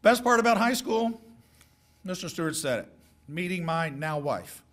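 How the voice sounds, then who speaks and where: A middle-aged man giving a folksy, joking speech of advice to high school seniors. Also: lively intonation, normal speed, fairly bright tone. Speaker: guest speaker.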